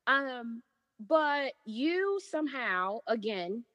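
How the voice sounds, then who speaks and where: A woman interviewing a friend, asking warm, rambling questions full of fillers. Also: on the high side, lively intonation, very slow, no room sound, in a large hall. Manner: supportive, filler-heavy questioning. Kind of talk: conversational interview.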